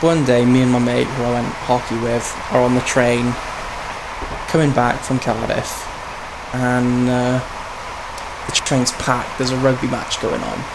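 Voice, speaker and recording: A man's voice: medium pitch, level tone, measured pace. A man chatting casually while playing a train simulator, rambling through stories and laughing at himself. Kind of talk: casual gameplay commentary and storytelling. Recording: game noise behind the voice. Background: train simulator engine and rail sounds.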